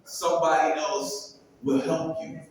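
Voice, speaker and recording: Man telling stories to a live crowd, animated, acts out dialogue, preacher-like calls, long reverb, distant from the mic. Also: a little high, a little slow, slight background noise. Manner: faith-infused, preacher-like calls to the audience. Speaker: builder and speaker. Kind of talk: storytelling speech to a live audience. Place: large hall with an audience. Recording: echoey hall, voice picked up from afar.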